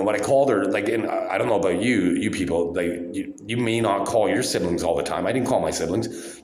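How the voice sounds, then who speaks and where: A man's voice: medium pitch, slight background noise. A man in his forties delivering an angry, accusatory rant straight to the camera, repeating himself as he goes. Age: 40s. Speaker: vlogger. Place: hospital room. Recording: echoey room.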